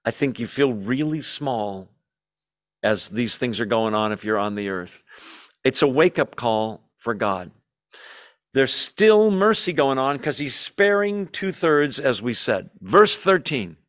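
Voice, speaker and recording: A man preaching as a pastor, teaching verse by verse through a Bible passage in a conversational way, often asking his listeners questions. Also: takes it slowly. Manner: conversational, asks the audience questions, lively shifts in pitch.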